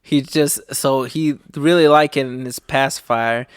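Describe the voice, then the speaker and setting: A man's voice: medium pitch, fairly even intonation, measured pace, clear, resonant tone, no room sound, studio quality. A man co-hosting a podcast in casual chat, laid-back and swearing freely as he laughs through stories. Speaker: podcast co-host.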